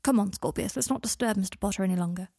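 A woman voicing a gentle, guarded young father, speaking softly and tenderly, with a clipped reserve. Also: mid-range voice, rapid-fire, creaky, breathy edge, no echo, clean studio sound. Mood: reserved.

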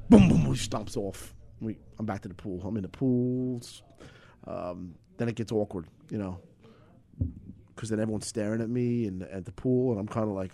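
A man's voice: lowish voice, normal speed, creaky, dark tone. A man as a podcast guest, telling a rambling story in a casual, loose way, laughing often and swearing freely.

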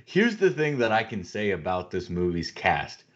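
A man with a fairly low voice speaks bluntly and curses freely on a movie podcast. His points come across with emphasis. The recording sounds dull and muffled. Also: sing-song, moderate pace. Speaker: podcast co-host. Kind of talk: casual movie podcast chat.

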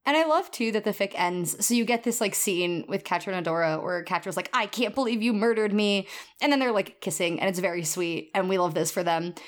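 A woman co-hosting a podcast in casual chat, animated and acting out the quotes she retells. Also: on the low side, brisk, few pauses. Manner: animated, acts out quoted lines. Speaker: podcast co-host.

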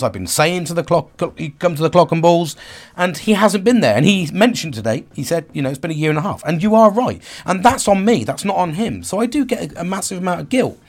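Guy in his 40s venting, swears a lot, keeps restarting, voice a bit high. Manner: raw, swearing heavily, restarting and searching for words. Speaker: vlogger. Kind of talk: candid personal monologue.

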